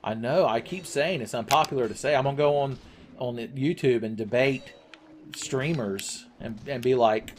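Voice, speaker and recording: A man's voice: mid-range voice, moderate pace, slight background noise. A man commentating his video game play with crude, sarcastic jokes. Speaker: gaming channel host.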